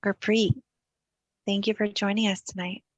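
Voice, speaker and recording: A woman hosting an online book reading, speaking slowly and gently to the group. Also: medium pitch, little pitch movement, dry recording. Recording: dull, distant, lo-fi sound.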